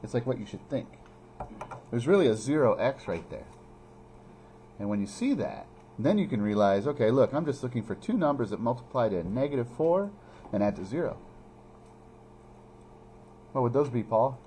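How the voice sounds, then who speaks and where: Lively man teaching math to a class. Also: moderate pace, pauses often. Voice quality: animated, pitch jumping high when teasing students. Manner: addresses students by name, playful teasing. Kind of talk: classroom review lesson. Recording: faint classroom noise.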